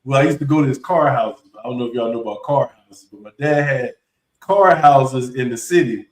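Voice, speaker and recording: A man's voice: mid-range voice, brisk. Man, easygoing storyteller, distant from mic, echoey. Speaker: instructor. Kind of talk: casual storytelling.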